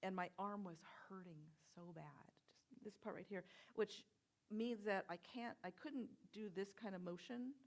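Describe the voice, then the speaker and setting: A woman minister giving a conversational sermon, telling personal stories with soft whispered asides. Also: medium pitch, normal speed. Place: church sanctuary.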